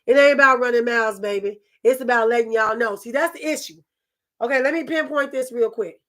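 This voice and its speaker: Sassy high-voiced woman host. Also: a little fast, fairly bright tone. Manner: sassy, emphatic, calls listeners baby. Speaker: talk show host. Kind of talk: candid opinion talk.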